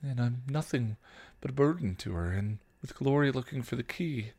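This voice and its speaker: A man's voice: mid-range voice, expressive, moderate pace, a little mellow. A man reading a story aloud, voicing a tearful teenage girl who pleads and stammers. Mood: tearful pleading.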